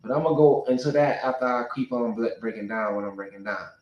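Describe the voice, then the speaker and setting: A man's voice: mid-range voice, fast talker, reverberant, lo-fi sound. A man talking alone to his channel in a loose, speculative monologue, thinking aloud and restarting his sentences often. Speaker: YouTuber. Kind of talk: rambling monologue.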